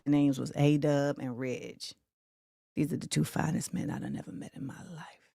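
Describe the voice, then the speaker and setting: A woman in her forties hosting a livestream talk show, chatting animatedly and breaking into sing-song shout-outs to the chat. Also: deep voice, fairly even intonation, moderate pace, vocal fry, no echo. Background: faint music.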